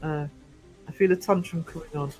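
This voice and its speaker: Chatty Northeast English man, high voice. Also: fairly even intonation, brisk, warm tone, faint music behind, poor audio. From England. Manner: chatty and rambling, teasing the chat with frequent fillers. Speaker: livestream host. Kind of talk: casual livestream chat answering viewer comments.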